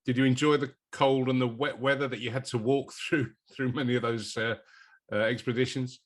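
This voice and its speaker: A man hosts a casual interview, his voice sitting at an ordinary middle pitch. He asks questions in a friendly, easygoing way. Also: fairly even intonation, brisk.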